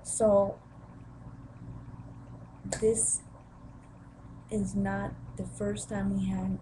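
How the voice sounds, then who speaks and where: A woman's voice: mid-range voice, flat delivery, very slow, noisy background. A young woman vlogging, retelling a family conflict with emotion and acting out the quoted voices. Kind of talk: personal storytelling vlog.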